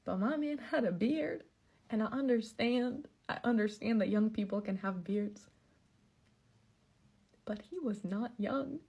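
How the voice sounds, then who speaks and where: A woman's voice: on the high side, measured pace, vocal fry, long pauses, mellow, breathy edge. An eighteen-year-old woman telling a casual story and putting questions to the viewer. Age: teens. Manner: chatty, asks the viewer questions.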